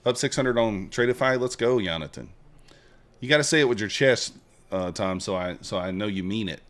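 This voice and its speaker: A man with a slightly low voice talks loosely through a live trading stream. He banters with his chat and jokes between trades, and cheers when a trade goes his way. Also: normal speed, a bit bright. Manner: chatty, joking with chat, banters and hypes trades.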